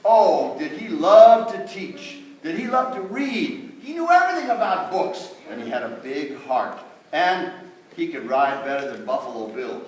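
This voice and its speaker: A man telling a story to a school assembly, playful and lively, putting on voices for the characters and having the children repeat lines. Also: a little high, normal speed. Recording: echoey hall from far off, children's crowd.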